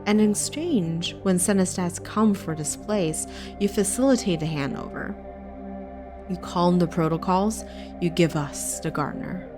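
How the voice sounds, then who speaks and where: A cool, calculating schemer from a sci-fi game, read out by a woman in a lowish voice. The delivery is measured and quietly persuasive. Clear music plays behind the voice. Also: lightly acted.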